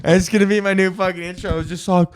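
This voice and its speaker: A man's voice: high voice, flat delivery, fast, loud music behind the voice. A man in his twenties hosting a comedy podcast, ranting profanely and rambling as he laughs at his own jokes. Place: room at home, on camera.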